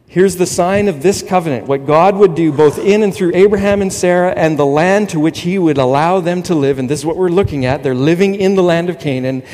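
Man preaching a sermon in a reverberant hall. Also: fairly high pitch. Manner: animated, quoting scripture with emphasis. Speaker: pastor.

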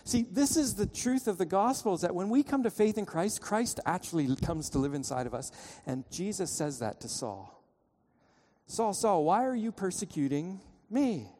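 This male pastor preaches animatedly at a normal speed, barely pausing, his voice fairly high yet mellow. Storytelling blends with urgent pleas to the congregation, and his volume rises and falls dramatically. The church adds a long, trailing reverb.

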